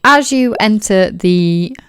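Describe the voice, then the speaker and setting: A woman's voice: mid-range voice, expressive, takes it slowly, clear, resonant tone, no room sound. A woman narrating a tabletop game as game master, chatty and full of filler words.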